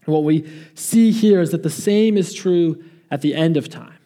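A man preaching a sermon, earnest and emphatic, slowing down to stress key phrases. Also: a little high, mellow. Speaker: pastor.

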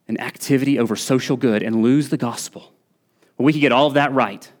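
Man, pastor, church sermon, earnest, emphatic, mid pitch. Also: steady tone, a little fast. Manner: earnest preaching, rising emphasis on key points, occasional restarts. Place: church sanctuary.

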